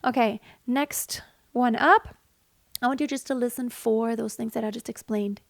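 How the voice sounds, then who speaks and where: A woman's voice: on the high side, steady tone, normal speed, no room sound, clean studio sound, faint music behind. A woman singing teacher explaining vocal technique in an earnest, instructive way. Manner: earnest, instructive, sings examples between explanations.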